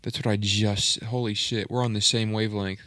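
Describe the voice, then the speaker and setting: A man's voice: on the low side, level tone, moderate pace, a bit bright, dry recording. A man hosting a reaction video, commenting in an earnest, rambling, self-reflective way.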